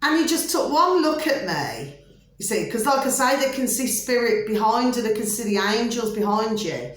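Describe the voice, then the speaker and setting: A woman's voice: on the high side, expressive, normal speed. A woman telling a long personal story in a rambling, chatty way, repeating herself and saying "you know" again and again. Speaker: storyteller sharing a personal experience. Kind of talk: rambling casual monologue. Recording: very echoey room.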